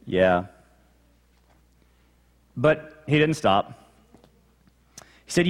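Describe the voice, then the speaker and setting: A man's voice: fairly high pitch, big pitch swings, extremely slow, long pauses. A male pastor preaching a teaching sermon, explaining the text and repeating key points for emphasis.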